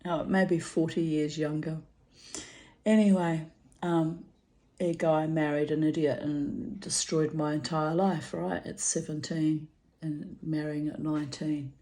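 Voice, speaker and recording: Older woman, vlogger, low-ish voice, rambling and giggly anecdotes. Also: flat delivery, a little slow, dark tone. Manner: chatty, laughs often, lots of fillers. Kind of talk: rambling personal storytelling.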